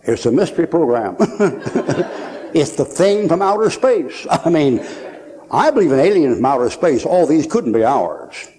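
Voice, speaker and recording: A man's voice: fairly high pitch, sing-song, a little slow, dark tone. A man in his sixties preaching a folksy sermon at a conference, joking and laughing as he tells stories.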